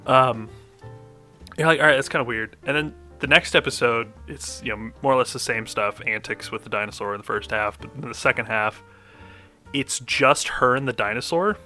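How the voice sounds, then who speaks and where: Over soft background music, a podcast co-host chats casually through an anime recap. He's a young man with a sharp, mid-range voice at normal speed, and his retelling rambles, full of fillers and laughs.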